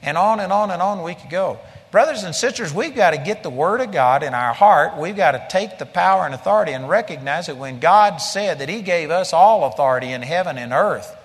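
A man preaching a blunt, forceful sermon, his voice high and swinging widely up and down. Long church-hall reverb rings after his lines. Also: lively intonation, a little fast, hardly any pauses.

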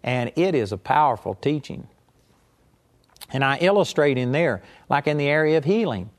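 Male preacher, lightly high voice, animated sermon storytelling, dramatic raised pleas. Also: normal speed.

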